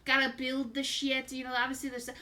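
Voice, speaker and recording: A woman voicing a fast-talking male hustler who pitches schemes like a carnival barker, with a bright, high voice over an online call. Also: monotone. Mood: wheedling salesman. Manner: carnival-barker sales pitch, repeats "okay?" and "listen".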